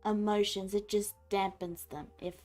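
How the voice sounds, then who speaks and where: A woman narrating a tabletop game as game master, steady and explanatory. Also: medium pitch, normal speed, faint music behind.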